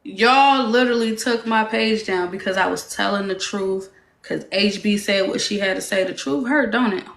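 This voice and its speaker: A woman's voice: medium pitch, steady tone, moderate pace, creaky, fairly bright tone. A woman hosting a casual live stream, talking in a defiant, drawling way. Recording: roomy echo with faint noise.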